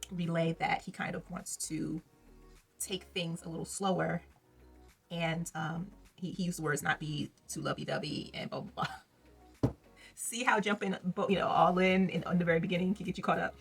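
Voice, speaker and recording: Husky-voiced woman chatting about a show. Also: on the low side, a bit bright. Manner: chatty, laughs often, slangy asides to viewers. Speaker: reality show reviewer. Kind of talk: casual commentary vlog.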